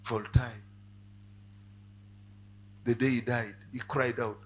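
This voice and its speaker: A male preacher giving a sermon, dropping to quiet asides and then rising to loud, emphatic cries. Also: mid-range voice, level tone, takes it slowly, pauses often, breathy edge.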